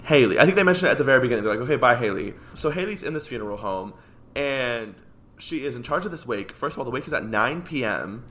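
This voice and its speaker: A man co-hosting a podcast, playfully retelling film scenes with quick asides in casual chat. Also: medium pitch, animated, fairly bright tone.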